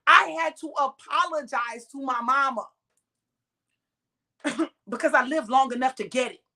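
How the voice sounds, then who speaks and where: Emphatic, sharp-voiced woman preacher. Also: high-pitched. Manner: preaching directly to listeners, sharp and emphatic, slow drawn-out stresses. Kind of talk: sermon-style exhortation.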